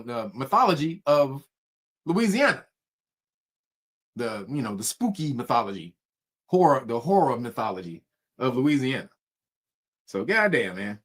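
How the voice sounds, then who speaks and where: A man casually telling a spooky story, cursing freely and laughing often. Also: a little high. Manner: profane, laughing often, animated.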